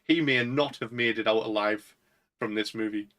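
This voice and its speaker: A man's voice: lowish voice, normal speed, a bit bright, low-quality recording. A young man with a Northern English accent, co-hosting a casual podcast chat and rambling with lots of fillers. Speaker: podcast co-host.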